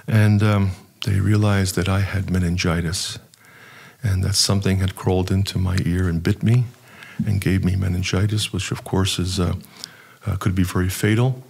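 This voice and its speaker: Low gravelly man telling a story. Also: little pitch movement, a little mellow. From United States. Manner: earnest, halting with many uhs. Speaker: archpriest guest. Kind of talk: personal storytelling.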